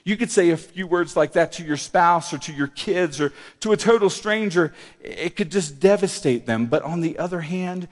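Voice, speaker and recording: A middle-aged male pastor preaching a sermon in a church, animated, swinging between loud emphasis and quiet asides. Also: on the high side, moderate pace. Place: church hall. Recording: long reverb of a church hall.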